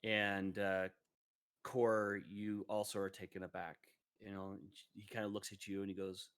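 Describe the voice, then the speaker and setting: A man's voice: on the low side, flat delivery, measured pace, fairly bright tone, clear, resonant tone. A man narrating a tabletop game as game master, in a casual way with frequent fillers.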